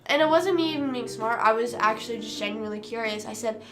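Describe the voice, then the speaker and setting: A woman's voice: fairly high pitch, quick pace. A woman in her early twenties hosting a casual late-night livestream. She rambles through stories full of fillers. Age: early 20s. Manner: rambling, filler-heavy storytelling. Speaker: livestream host.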